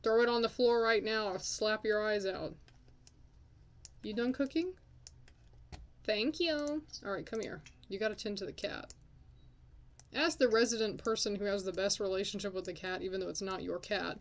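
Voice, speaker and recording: A woman's voice: mid-range voice, normal speed, long pauses. A young woman hosting a casual game commentary, chatting and swearing at her characters as she plays. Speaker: let's play host.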